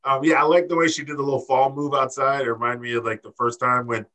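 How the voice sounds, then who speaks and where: A man co-hosting a casual wrestling chat, animated and swearing, acting out quotes in high voices. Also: quick pace, poor audio. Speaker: podcast co-host.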